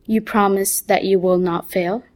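A woman voicing a stern middle-aged mother who lectures her son in a calm, firm, measured voice. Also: fairly low pitch, close to an everyday voice.

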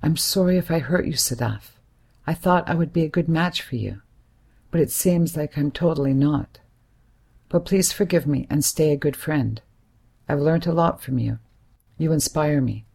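A woman reading the part of a hesitant but serious young man, a gentle family friend, in an audiobook. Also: on the high side, moderate pace, vocal fry, husky. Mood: pleading. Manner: hesitant yet serious, soothing.

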